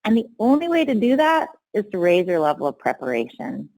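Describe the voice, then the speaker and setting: Woman coach, mid-pitched, measured delivery that leans on key words. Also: wildly swooping pitch, creaky, a little mellow, poor audio. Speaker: communication coach. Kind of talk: instructional talk.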